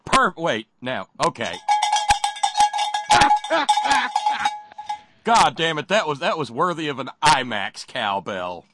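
Male talk show host, animated pitch, slightly raised voice, joking banter, dry close sound. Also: slow pace, pauses often.

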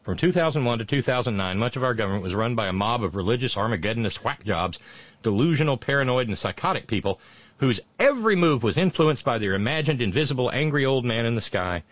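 Listener messages get read out and picked apart by a male talk show host whose mid-range voice is expressive and quick, with no echo. He chats casually, using many filler sounds and dry, blunt, sardonic remarks.

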